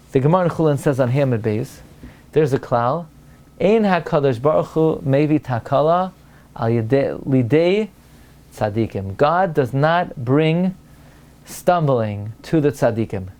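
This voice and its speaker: A man, a rabbi, giving a Torah lecture, asking rhetorical questions and rising to an excited high pitch to make a point. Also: moderate pace. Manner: peppers English with Hebrew and Aramaic terms, asks rhetorical questions.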